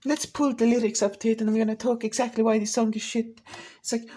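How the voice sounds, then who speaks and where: Brief: higher-pitched woman with a husky edge, rambling and profane casual rant. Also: little pitch movement, quick pace, warm tone. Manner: rambling, profane, frequent restarts. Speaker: vlogger. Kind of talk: casual ranting commentary.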